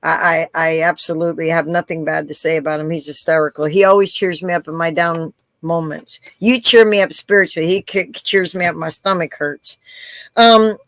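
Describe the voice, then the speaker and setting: A woman hosting a live interview, telling stories in an animated way and acting out the voices of the people in them. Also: lowish voice, no echo. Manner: animated storyteller, acts out quoted voices. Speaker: interview host. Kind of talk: casual live interview chat.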